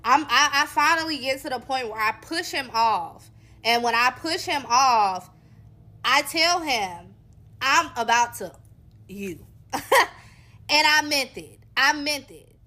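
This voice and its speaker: A woman's voice: high-pitched, expressive, measured pace, pushed and bright. A woman from North Carolina, candidly telling viewers her own story in a casual, conversational way. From North Carolina, USA.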